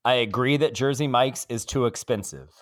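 A man's voice: medium pitch, normal speed, no echo, clean studio sound. A young man co-hosting a casual podcast chat, joking and swearing freely. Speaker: podcast co-host.

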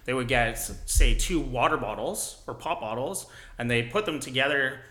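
A man's voice: medium pitch, normal speed. A middle-aged man hosting a casual podcast chat, telling war stories with sound effects. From Canada. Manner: animated storytelling with sound effects. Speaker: podcast host, veteran soldier.

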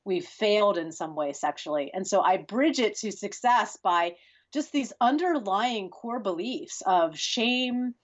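A woman in her forties answers interview questions in an animated, breathy manner. Her voice sits at a middle pitch, and she laughs easily. The recording sounds a little dull and lo-fi. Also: a little slow. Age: 40s. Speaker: guest sex educator.

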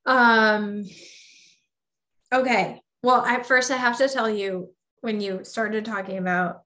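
A woman's voice: on the high side, fairly even intonation, slow pace, pushed and bright. A woman hosting a casual podcast conversation, enthusiastic and affirming, often laughing.

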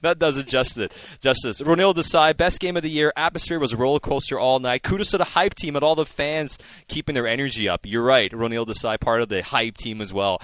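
A man's voice: mid-range voice, fairly quick, few pauses, fairly bright tone. A man co-hosting a post-game hockey talk show and reading listener messages in an easygoing way. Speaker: sports podcast co-host.

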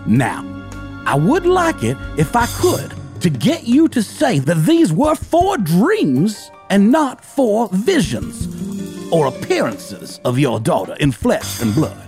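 Blustering Southern attorney. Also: male voice, sits high, wildly swooping pitch, faint music behind, pitched above the performer's own voice, full character voice. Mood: badgering. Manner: blustering, shouting, drawn-out questions. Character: pompous Southern male trial attorney, badgering.

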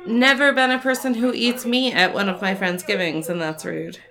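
A woman's voice: mid-range voice, flat delivery, a crowd in the background. A young woman co-hosting a podcast, chatting casually and joking while she has the hiccups. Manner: joking, quick, laughs often. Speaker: podcast co-host. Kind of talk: casual chat while watching a show.

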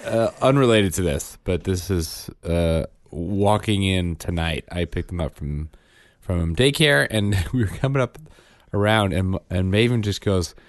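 A man in his thirties with a very low voice that swings widely in pitch. He chats casually as a podcast co-host, acting out family stories with lively quoted voices. The sound is dry and close. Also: measured pace, no room sound. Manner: animated storytelling, acts out quotes. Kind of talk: casual chat.

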